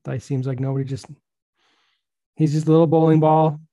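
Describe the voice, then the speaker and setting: A man hosting a casual baseball podcast, chatting in a relaxed way with lots of fillers. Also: a little high, a little fast, no echo, dull audio. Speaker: podcast host.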